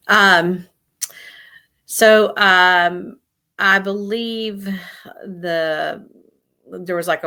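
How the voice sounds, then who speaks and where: A woman guest giving an emotional personal account in an interview, speaking haltingly with many pauses and fillers. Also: lowish voice, pushed and bright. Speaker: guest sharing lived experience of suicide loss.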